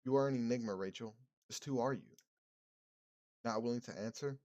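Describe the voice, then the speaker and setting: A man's voice: mid-range voice, moderate pace, darkish tone, highs cut off, close to an everyday voice. A man voicing a stern male priest who judges a woman as a witch, speaking in archaic, solemn tones. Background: game music.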